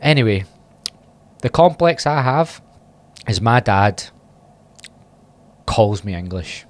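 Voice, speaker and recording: Lowish-voiced Scottish man, candid podcast host. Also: lively intonation, takes it slowly. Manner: candid, self-mocking and rambling. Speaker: podcast host and fitness coach. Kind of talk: casual solo podcast chat.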